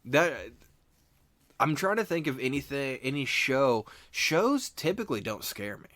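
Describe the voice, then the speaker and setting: A man's voice: medium pitch, big pitch swings, unhurried, fairly bright tone, no echo. A man co-hosting a casual podcast, telling stories in a rambling, self-correcting way and mimicking what others said. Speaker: podcast co-host. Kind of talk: casual chat.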